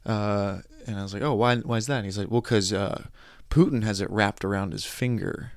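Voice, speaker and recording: A young adult man hosting a podcast, telling anecdotes in a casual monologue, animated, quoting others and restarting his sentences. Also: fairly low pitch, moderate pace, no room sound. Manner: animated storytelling, quoting others, frustrated asides, frequent restarts. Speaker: podcast host.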